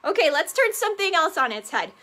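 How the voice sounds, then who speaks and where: A woman's voice: very high-pitched, very animated, fast, pushed and bright. A woman children's librarian leading preschool story time, reading aloud animatedly and asking the kids questions. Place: model railroad museum.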